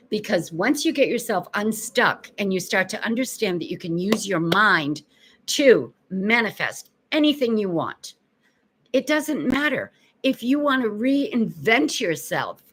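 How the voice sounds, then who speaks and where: A woman with a slightly low-pitched voice delivers a motivational self-help talk. She sounds earnest and encouraging and returns to her main phrases again and again.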